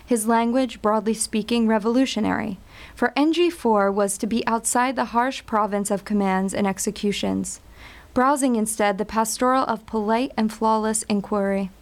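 A woman reading a scripted story in a measured, wry storytelling voice. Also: a little high. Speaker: narrator.

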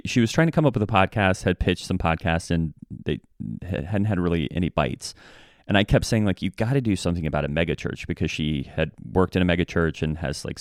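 Low, smooth-voiced man telling a story. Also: a little mellow, no echo, clean studio sound. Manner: storytelling, laughing lightly mid-sentence. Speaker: podcast guest. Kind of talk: casual chat.

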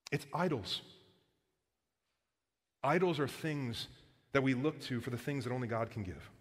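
In a church sanctuary with a long reverb tail, a pastor delivers a sermon in a mid-range, animated voice at a measured pace. He is casual and earnest, dropping "like" and "guys" frequently between points.

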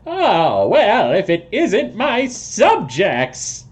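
A man's voice: sits high, wildly swooping pitch, extremely slow, slightly rough, pitched above the performer's own voice, full character voice. A man voicing a pompous, boastful anthropomorphic toad who speaks of himself in the third person, in a tabletop game. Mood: smug.

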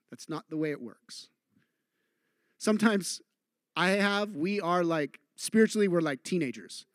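A middle-aged man preaching a sermon as pastor, earnest, dropping to a hush on key lines and acting out quoted voices with humor. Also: high-pitched, expressive, a little slow, long pauses, no room sound, clean studio sound.

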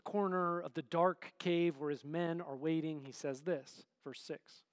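A man preaching a sermon in a relaxed, conversational way, often checking in with "right?" and filler "like". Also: on the high side, a little slow, no echo, in a large hall.

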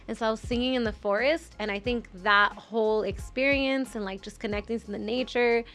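A woman's voice: medium pitch, a bit bright. Rambling woman telling a personal story. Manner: rambling, heavy use of "like", emotional retelling. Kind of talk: casual storytelling in a podcast chat.

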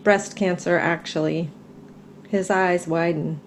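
A middle-aged woman reading her own personal essay aloud in a calm, measured, reflective way. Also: on the low side, a little hiss or hum.

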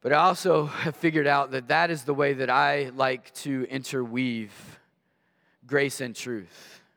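A man preaching a sermon, telling personal stories in an animated way and acting out the voices in them. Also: medium pitch, a little slow, vocal fry. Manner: animated storyteller, acts out voices in anecdotes. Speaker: guest pastor. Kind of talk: storytelling sermon. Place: church sanctuary. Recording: long reverb of a large hall.

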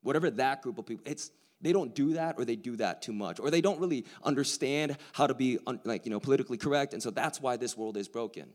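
A male preacher giving a sermon in a large hall with hundreds of people, swinging from a hushed near-whisper to loud excitement, with casual slang. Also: mid-range voice, fast talker, hardly any pauses.

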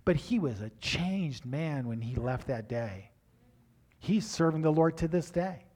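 Animated older man telling a sermon story. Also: on the high side, measured pace. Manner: animated storyteller with repeated restarts. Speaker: pastor.

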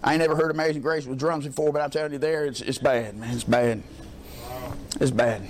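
A man's voice: mid-range voice, steady tone, fairly quick. A male pastor preaching a sermon in a folksy, emphatic storytelling way, repeating his points for effect.

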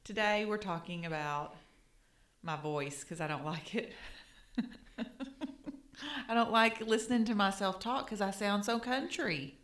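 A woman's voice: mid-range voice, unhurried, pauses often, a bit bright, reverberant. A middle-aged woman with a Kentucky Southern accent, co-hosting a podcast in easy, plain-spoken chat. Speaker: podcast co-host. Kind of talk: casual chat and scripted intro.

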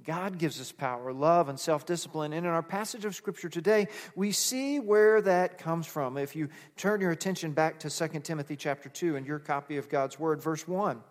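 A man's voice: on the high side, normal speed, hardly any pauses. A man preaching a sermon as pastor, reading scripture and building to emphatic, repeated calls to the congregation. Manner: preaching with rising emphatic bursts and call-and-response. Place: church sanctuary. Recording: long reverb of a large hall.

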